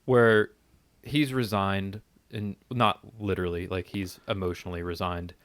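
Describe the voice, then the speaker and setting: A man with a lowish, smooth, clear voice recaps a film's plot on a podcast. He talks in halting, reflective phrases, and the recording is dry and close. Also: flat delivery, no echo. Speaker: podcast co-host. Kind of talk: casual movie discussion.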